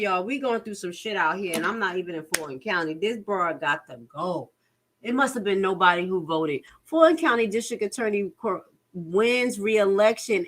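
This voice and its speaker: A political commentary vlogger rants casually, reading news aloud with her own indignant, profane asides. Her medium-pitched voice is expressive, pushed, and bright, at a moderate pace.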